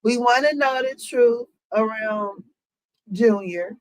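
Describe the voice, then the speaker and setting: A woman's voice: on the high side, slow pace, no room sound, poor audio. A woman hosting her own commentary channel, talking casually to viewers with lots of fillers and asides. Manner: chatty, lots of fillers, addresses viewers as y'all.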